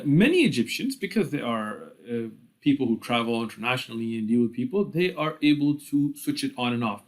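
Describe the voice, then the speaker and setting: An American man giving an explanatory religious lecture, acting out little dialogues with a laugh. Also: mid-range voice. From United States. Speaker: Islamic lecturer.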